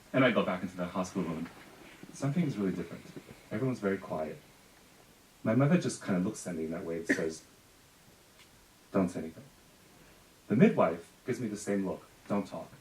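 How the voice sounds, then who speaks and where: A man from Spain telling a personal story live on stage, wry and self-deprecating with quick asides. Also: on the low side, animated. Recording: echoey room, distant mic, faint noise.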